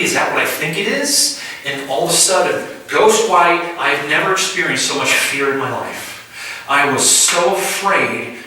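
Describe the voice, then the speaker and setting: A man's voice: medium pitch, pushed and bright. Guy preaching a story at house church, stops and restarts a lot, big roomy echo, faint noise behind. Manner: vivid first-person storytelling with halting restarts. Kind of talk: conversational sermon storytelling. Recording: echoey room, distant mic.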